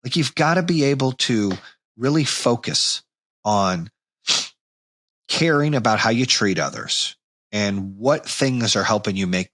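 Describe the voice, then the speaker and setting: A man's voice: medium pitch, dry recording. A man in his forties hosting a podcast, giving a blunt motivational monologue with casual swearing. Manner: blunt, swears casually, animated when reenacting anger. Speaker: podcast host.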